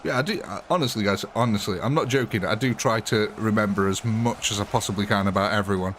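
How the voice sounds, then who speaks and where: A man's voice: lowish voice, fast, a bit bright, a little hiss or hum. A man livestreaming a game, chatting casually and rambling to his viewers, greeting them by name and laughing often. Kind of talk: casual live gameplay chat with viewers.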